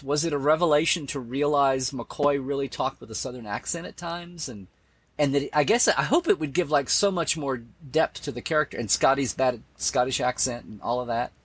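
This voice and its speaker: A man's voice: on the high side, a bit bright, husky. A man being interviewed, talking casually and with enthusiasm, often quoting favorite lines and restarting his sentences. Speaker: guest, Star Trek expert.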